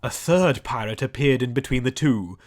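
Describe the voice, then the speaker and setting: A man narrating a storybook audiobook in a lively, descriptive way. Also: medium pitch, normal speed.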